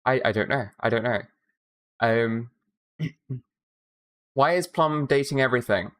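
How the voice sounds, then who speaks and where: A woman's voice: rumbling low, a little slow. A woman streaming a video game, chatting casually and rambling with her viewers, often swearing. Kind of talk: casual live-stream chat.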